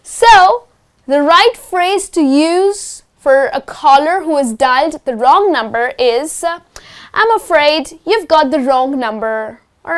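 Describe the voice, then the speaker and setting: A woman's voice: high voice, expressive, slow. A woman teaching phrases in an online lesson, speaking. She explains patiently and often checks in with "okay?". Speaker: English teacher.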